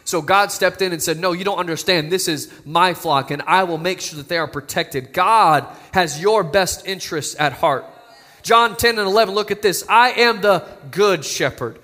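A man preaching a sermon, building to emphatic, near-shouting appeals to the congregation. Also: high-pitched, normal speed. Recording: long hall reverb.

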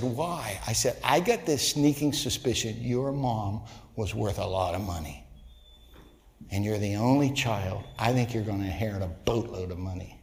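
A man, a pastor, telling a folksy story in a sermon, growing animated and loud at its climax. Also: fairly low pitch, long reverb tail. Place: church sanctuary.

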